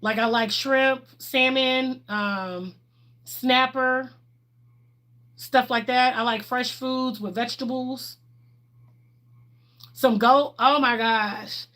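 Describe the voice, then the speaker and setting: A woman's voice: sits high, steady tone, slow pace, pauses often, fairly bright tone. A middle-aged woman, chatting candidly on a livestream and answering viewers' questions, laughing often. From Texas, USA. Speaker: livestream host.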